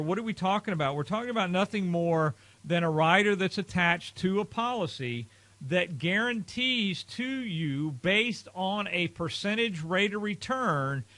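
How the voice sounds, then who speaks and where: A man's voice: sits high, fairly bright tone, no echo. A man talking viewers through a financial topic in an earnest, emphatic way, with frequent uh and you know fillers. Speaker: financial advisor presenting a video series. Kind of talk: explanatory talk to camera.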